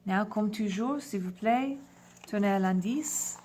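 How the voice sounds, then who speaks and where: A woman teaching a French lesson in English, giving clear step-by-step instructions. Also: mid-range voice, unhurried, darkish tone. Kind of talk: classroom lesson.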